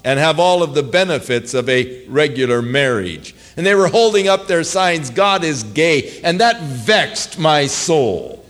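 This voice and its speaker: Pastor, man, earnest sermon delivery, slightly raised voice, animated pitch. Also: a little slow, hardly any pauses.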